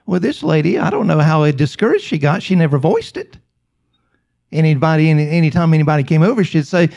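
A male preacher telling a story in a sermon, with slow, emphatic, repetitive phrasing. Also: a little high, lively intonation, gravelly, darkish tone, highs cut off.

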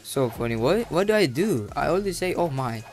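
A man giving casual gameplay commentary, chatting with other players, who breaks into sudden shouts and laughter. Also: on the high side, very animated, moderate pace, soft background music. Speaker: gaming YouTuber.

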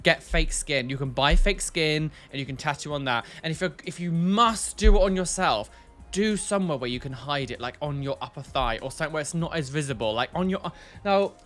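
A man's voice: on the high side, lively intonation, a little fast, fairly bright tone, faint music behind. A man hosting a casual reaction video, blunt and exasperated, often sighing and repeating himself for emphasis.

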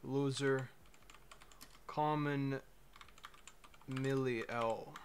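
A man's voice: medium pitch, steady tone, drawn-out words, slight background noise. A young man streaming, teasing a chatbot with crude, mocking remarks. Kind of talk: casual livestream commentary.

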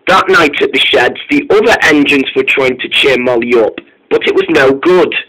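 A young man narrating a train story, halting often and restarting his sentences. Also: medium pitch, bright, forceful tone, poor audio.

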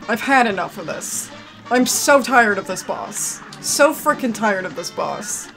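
A woman with a fairly high voice rants through a hard boss fight, grumbling and exasperated, sometimes snapping into loud outbursts. Faint game music plays behind her. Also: expressive, a little slow. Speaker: gaming commentator. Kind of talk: frustrated let's-play commentary.

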